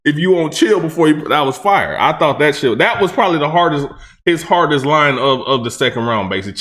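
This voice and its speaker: A man with a somewhat high voice gives casual commentary on battle rap in loose, slangy speech. He repeats phrases, restarts his thoughts, and chuckles at the lines he likes. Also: very animated, normal speed, fairly bright tone. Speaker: reaction channel host.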